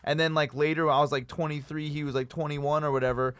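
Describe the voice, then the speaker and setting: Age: adult. Sex: man. Style: casual podcast chat. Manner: animated, crude storyteller. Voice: on the high side, dry studio sound. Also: fast talker, smooth, dry recording. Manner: animated storyteller, crude, says dude a lot.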